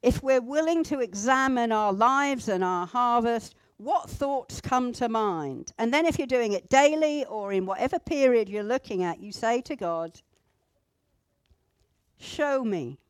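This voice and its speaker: A woman teaching a group how to pray, gentle and instructive, with pauses. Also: on the high side, expressive, smooth, no echo. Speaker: church group leader. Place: indoor room with a group at tables.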